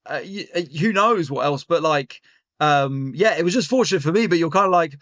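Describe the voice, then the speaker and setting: A man's voice: a little high, lively intonation, brisk, a bit bright, dry recording. A young man, a comedian guest, telling a story in casual chat with lots of fillers and restarts over a remote call.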